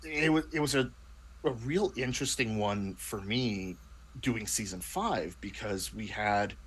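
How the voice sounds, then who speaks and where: A man's voice: on the low side, unhurried, a bit bright, breathy edge, rough recording. A man chatting casually about the tabletop game he plays in, rambling and restarting his sentences often. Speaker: player in a tabletop role-playing show. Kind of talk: casual chat.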